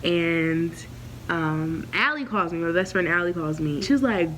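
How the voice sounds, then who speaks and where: A young woman vlogger recounting a personal story in a candid, animated storytime vlog, full of slang and profanity, who jumps into higher voices when she quotes people. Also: measured pace, dull audio, slight background noise. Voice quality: acts out quoted voices in raised pitch.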